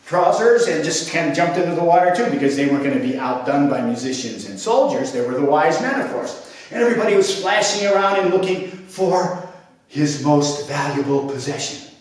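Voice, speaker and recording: A man telling a children's story with playful, expressive narration and sound effects. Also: a little high. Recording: echoey room, mic at a distance.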